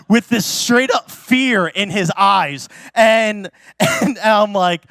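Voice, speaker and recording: A high-pitched man preaching as a pastor, telling stories in a loose, chatty way with plenty of fillers. He breaks into sudden loud, excited exclamations. The recording is dry and close, with no room echo. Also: a little slow. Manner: casual and chatty, many fillers like "like" and "you know". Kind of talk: sermon with personal storytelling.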